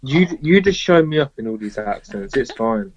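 A man's voice: medium pitch, lively intonation, moderate pace, dry recording. Man, podcast co-host, hesitant self-deprecating chat, dry room, dull lo-fi sound. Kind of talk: casual chat.

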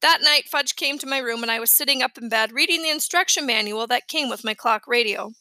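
Audiobook narrator: woman, high bright voice, lively storyteller, dry close sound. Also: brisk, no room sound. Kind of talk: children's audiobook reading.

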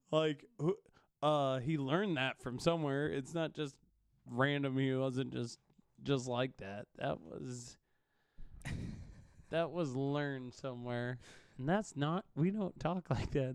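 A man's voice: on the high side, takes it slowly, clean tone, dry recording, clean studio sound. A young man co-hosting a podcast, chatting casually with a profane, joking, mock-angry bickering manner. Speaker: podcast co-host. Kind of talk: casual chat.

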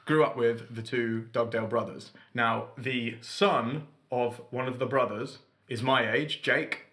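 Young man, podcast co-host, bright voice, mid-pitched, casual chat, animated storytelling. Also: unhurried. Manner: animated storytelling, acting out quotes.

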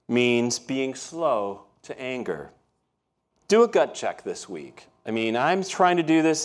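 A man preaching a sermon as pastor, telling everyday stories in a conversational way and often checking in with the congregation. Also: medium pitch. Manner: conversational storytelling, asks the congregation questions. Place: church.

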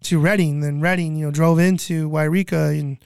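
A man's voice: fairly high pitch, steady tone, fairly quick, gravelly, a little mellow, clean tone, no room sound, studio quality. A man in his thirties telling stories from relief work in a casual chat, rambling with lots of fillers and swearing. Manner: rambling, many "you know" fillers, swears. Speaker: guest, disaster relief cook.

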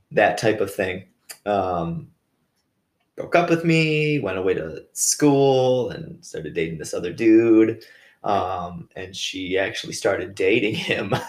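A man's voice: fairly low pitch, darkish tone, roomy sound. A young adult man hosting a casual solo podcast, telling stories in a joking, self-deprecating way. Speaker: podcast host.

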